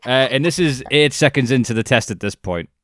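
A man's voice: medium pitch, brisk, a bit bright, no echo, studio quality. A young man telling a comic story on a podcast, swearing freely and laughing at himself. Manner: sweary, self-mocking, laughs through his stories. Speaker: podcast co-host.

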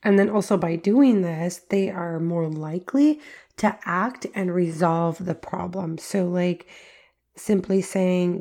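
Woman, middle-aged podcast host, lowish mellow voice, casual parenting advice with lots of "like". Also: slow. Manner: conversational, frequent "like" fillers. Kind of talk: instructional parenting talk.

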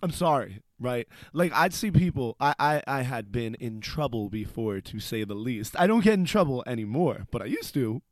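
A man's voice: medium pitch, big pitch swings, moderate pace, hardly any pauses, no echo. A man working as a radio DJ, chatting casually between songs and telling a rambling story with laughter and swearing.

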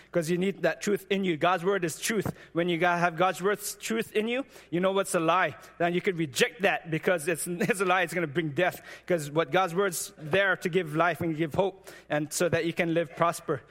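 Halting, earnest preacher in reverberant hall. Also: male voice, high-pitched, a bit bright. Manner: halting, frequent restarts and repeated words; earnest and exhortative. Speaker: preacher sharing testimony. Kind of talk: sermon with personal testimony.

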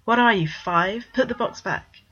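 A man's voice: high-pitched, moderate pace, sharp tone, muffled recording, pitched above the performer's own voice. A woman voicing an irritable, sarcastic adult man who hates cats, swearing in exasperation. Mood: exasperated. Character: irritable grumpy adult man, cat-hating older brother.

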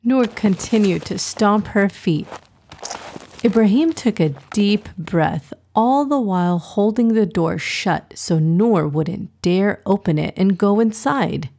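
Woman reading a kids' story aloud, soft breathy voice, gentle and expressive. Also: medium pitch, slow pace. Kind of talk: storybook narration for children.

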